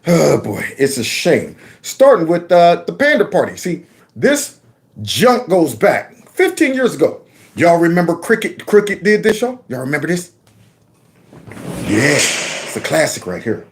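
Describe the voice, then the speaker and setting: A man's voice: a little high, wildly swooping pitch, unhurried. A man hosting his own channel, giving mocking political commentary on video clips with sudden squeals and laughs. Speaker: channel host.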